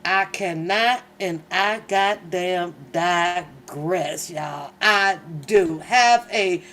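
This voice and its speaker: A woman hosting her channel, telling comic stories in a casual, animated and profane way, laughing often. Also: lowish voice, very slow, a little hiss or hum. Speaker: channel host. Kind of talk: casual comedic storytelling.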